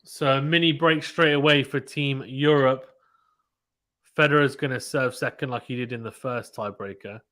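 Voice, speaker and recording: A man calling a match live on a stream in casual play-by-play, getting excited and reading out viewer chat. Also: mid-range voice, normal speed.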